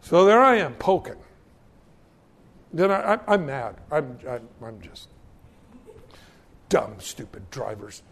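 A man's voice: medium pitch, very animated, slow, gravelly, long pauses, slightly rough. A male pastor preaching a sermon, telling stories with self-mocking humor and stammered restarts.

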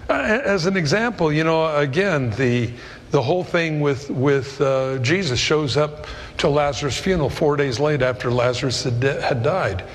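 A man's voice: a little high, expressive, normal speed. A middle-aged man preaching a sermon in a conversational, storytelling way. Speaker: pastor. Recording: long hall reverb.

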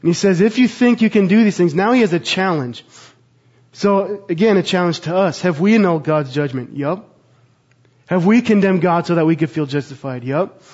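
A pastor in his thirties preaches in a notably high voice, pressing his listeners with earnest rhetorical questions. The recording sounds a little dull and muffled. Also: expressive, normal speed, a little mellow. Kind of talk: sermon.

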